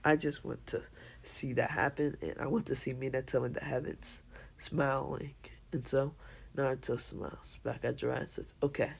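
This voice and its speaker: A man telling a casual, made-up fan story in a halting way, full of restarts and fillers. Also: mid-range voice, little pitch movement, gravelly, husky. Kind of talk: casual fan-fiction narration.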